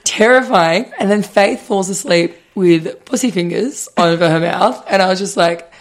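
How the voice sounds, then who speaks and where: Lively young woman telling stories. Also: lowish voice, moderate pace. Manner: animated storyteller, acts out quotes, laughs often. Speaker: podcast co-host. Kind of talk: casual chat.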